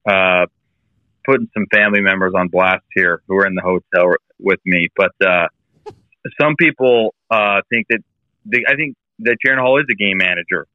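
A man calls into a sports podcast from a hotel room, offering thoughtful takes in casual sports talk, with some stammered restarts. His voice is deep at a normal speed, with no room sound over a tinny, phone-like line.

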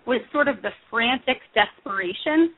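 A woman, a music therapist, talking earnestly in an interview, pausing with frequent ums and restarts. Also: a little high, lively intonation, husky. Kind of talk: conversational interview over the phone. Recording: tinny phone line.

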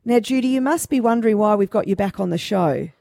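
A woman's voice: medium pitch, lively intonation, fast, creaky, warm tone, no echo. Upbeat lady radio host chatting, mid voice, dry studio mic. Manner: upbeat, a few ums and restarts. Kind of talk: radio show chat.

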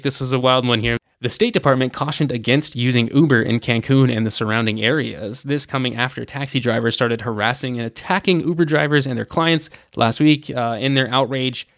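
A man's voice: mid-range voice, brisk, no echo, studio quality. A man hosting a travel news podcast, running through the news in a casual, opinionated way with lots of fillers. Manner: chatty and opinionated, many "you know" fillers. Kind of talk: casual news rundown with commentary.

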